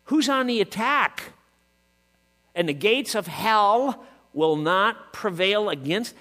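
A man preaching a sermon to his congregation, asking rhetorical questions and working up to shouts. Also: high voice, expressive, slow. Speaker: pastor. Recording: long reverb, hall.

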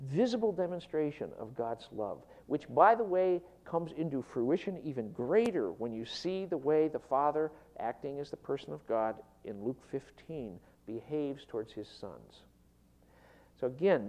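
Animated preacher man with a lively voice. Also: fairly high pitch. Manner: animated, emphatic, with quick rushes and slow stressed phrases. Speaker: preacher teaching on a parable. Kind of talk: expository sermon.

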